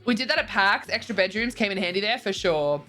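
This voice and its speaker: Bubbly woman in her twenties, lively. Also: mid-range voice, brisk. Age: 20s. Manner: bubbly, laughs often, swearing. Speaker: streamer. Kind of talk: casual chat reading viewer messages. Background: faint music.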